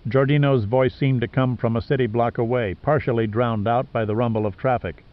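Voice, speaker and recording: A man reading an audiobook in steady scripted narration. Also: mid-range voice, a little fast, dull audio.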